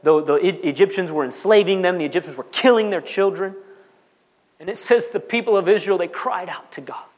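A man preaching a sermon, repeating phrases for emphasis and pausing dramatically. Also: high voice, darkish tone. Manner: repetitive, emphatic delivery with dramatic pauses. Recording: long reverb of a large hall.

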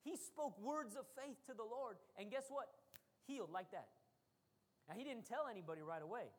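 A woman preaching a sermon, telling stories with animated, emphatic bursts. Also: a little high, moderate pace, slightly rough. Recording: long hall reverb.

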